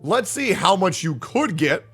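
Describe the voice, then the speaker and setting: A man's voice: sits high, sing-song, unhurried, gravelly, a bit bright, breathy edge, faint music behind. A male livestreamer who argues with his chat and swears a lot. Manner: argumentative, profane, talks back to chat. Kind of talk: live-stream chat reacting to viewers.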